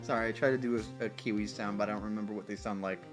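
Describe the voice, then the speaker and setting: A man's voice: on the low side, fairly even intonation, rapid-fire, music in the background. A man streaming a video game, chatting casually and playfully, giggling often. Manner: giggly, playful, silly voices.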